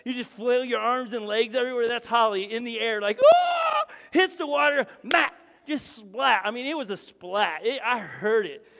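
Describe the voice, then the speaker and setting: High-voiced, animated male preacher in a hall. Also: normal speed, gravelly, hardly any pauses. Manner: animated, joking, acts out voices in his story. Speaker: pastor. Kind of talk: sermon storytelling. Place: church hall. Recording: long hall reverb.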